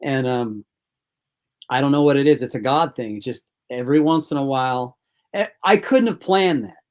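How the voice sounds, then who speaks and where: A man's voice: medium pitch, normal speed, darkish tone. A film director as an interview guest, telling rambling casual anecdotes and acting out his own quoted thoughts.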